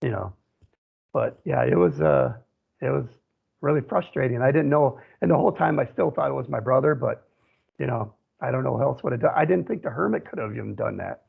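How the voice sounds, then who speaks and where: A gravelly, husky man from central Wisconsin tells a personal story as a radio guest, rambling and circling back with "you know." He speaks briskly at medium pitch with big pitch swings, heard through a thin, phone-like line.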